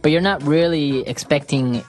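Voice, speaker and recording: A woman's voice: low-pitched, moderate pace, darkish tone, soft background music. A woman co-hosting an English-learning podcast, explaining vocabulary in casual chat and laughing easily. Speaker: English teacher podcast host.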